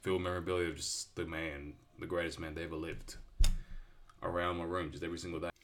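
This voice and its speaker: A man's voice: low voice, flat delivery, fast, fairly bright tone. A young man in his twenties with an Australian accent, hosting a podcast in an enthusiastic, rambling way with lots of fillers. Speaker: podcast host. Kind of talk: casual podcast monologue.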